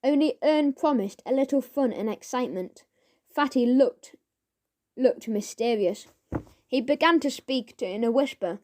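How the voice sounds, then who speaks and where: A woman's voice: high voice, lively intonation, measured pace, darkish tone. Woman reading a children's story aloud. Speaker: audiobook narrator. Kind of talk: children's audiobook narration.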